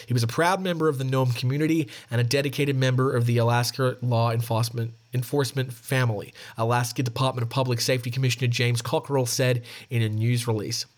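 A man's voice: mid-range voice, fairly even intonation, fast, hardly any pauses. A man hosting a podcast, reading news articles aloud and adding chatty commentary, often stumbling and restarting as he reads.

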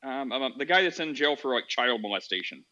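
A man hosting a call-in podcast, telling stories in a calm, chatty way with lots of fillers. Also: mid-range voice, a little fast, muffled recording. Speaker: podcast host. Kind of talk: casual call-in chat.

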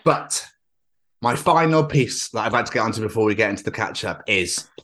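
A man's voice: lowish voice, a little fast. A man hosting a podcast, telling crude jokes and stories in casual banter, swearing a lot and laughing often. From England. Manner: sweary, laughing, animated storytelling. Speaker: podcast host.

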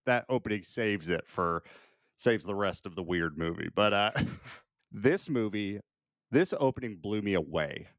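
Man podcast co-host, easygoing, chuckles a lot, lower pitch, no room sound. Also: measured pace, no echo, studio quality. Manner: relaxed, laughs often, steers the conversation. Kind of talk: casual movie chat.

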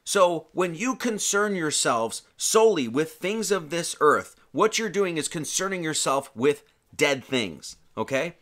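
Lively man preaching a casual sermon. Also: a little high, a little slow, hardly any pauses. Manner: animated, chatty, many restarts and slang. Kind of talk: casual sermon with Bible reading.

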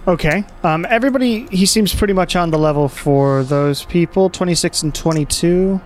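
A man's voice: high voice, moderate pace, faint music behind. A man narrating a tabletop game as game master, in a loose, hesitant way with many fillers.

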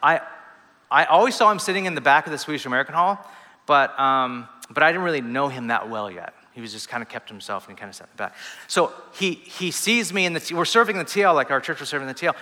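A man's voice: a little high, sharp tone. A man preaching a sermon as a pastor, telling stories in a conversational way with many restarts and fillers. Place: church hall. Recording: long reverb of a hall.

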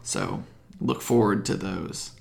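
A man hosting a podcast and narrating a tabletop game as game master, in a lively storytelling manner. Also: low-pitched, takes it slowly, vocal fry, reverberant.

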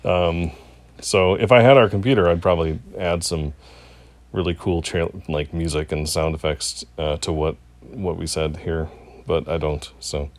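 A man's voice: low voice, steady tone, a little slow. A man co-hosting a podcast, chatting casually and reading out listener emails, with frequent hesitations and restarts. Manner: hesitant, many fillers and restarts. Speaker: podcast co-host.

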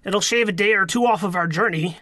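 A man voicing a gruff, stocky middle-aged male boat captain with a Norwegian accent in a tabletop game. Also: high-pitched, brisk, sharp tone. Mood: easygoing.

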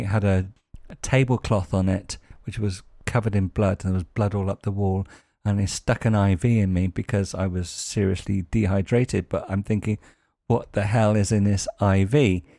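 A man's voice: on the low side, level tone, moderate pace, vocal fry, mellow, no echo, studio quality. A man telling wry stories in a monologue, now and then chuckling dryly. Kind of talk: anecdotal monologue.

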